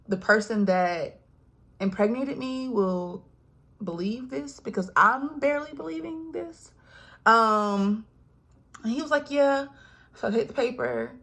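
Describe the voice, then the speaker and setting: A young woman tells a personal story in a relaxed vlog style. She talks at an average pitch for a woman, and she jumps into quoted voices and drops to a hush for her asides. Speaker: vlogger. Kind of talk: casual storytelling.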